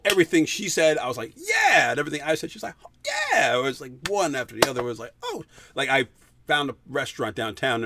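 A man co-hosting a chat show, telling a dating story in a casual way and acting out quotes with big jumps in pitch. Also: fairly bright tone. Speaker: podcast co-host.

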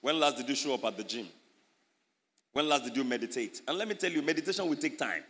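A man preaching an animated sermon as a pastor, his voice rising loud on key points. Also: medium pitch, fast, in a large hall.

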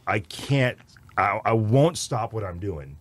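A man in his late thirties from Texas, chatting casually on a podcast in an animated, rambling way with many restarts. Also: fairly low pitch, takes it slowly. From Texas, USA. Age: 30s. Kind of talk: casual chat.

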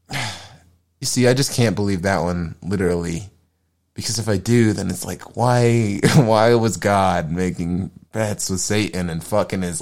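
A man's voice: deep voice, creaky, a little mellow. A man hosting a podcast in a casual monologue, rambling, profane and self-deprecating. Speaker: podcast host.

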